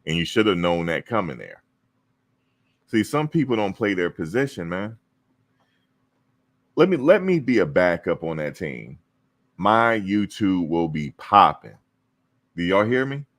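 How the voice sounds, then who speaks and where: Male stream host with a deep voice, chatty and playful with his audience. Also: a little slow, pauses often. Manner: animated, teasing, talks to viewers and chat. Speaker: show host. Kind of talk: casual live-stream chat.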